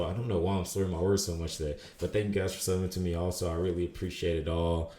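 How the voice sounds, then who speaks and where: A man's voice: low-pitched, level tone, quick pace, hardly any pauses, dark tone, roomy sound. A man casually reviewing an anime in a laid-back, slangy, rambling way with lots of fillers. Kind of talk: casual video commentary.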